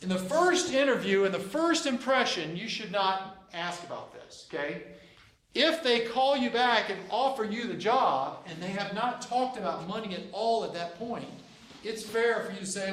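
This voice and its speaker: An echoey room with slight background noise carries the high-pitched, animated, slightly bright voice of a man at normal speed. The JROTC instructor, in his fifties, gives cadets a folksy lecture full of anecdotes, repeating himself and acting out dialogue.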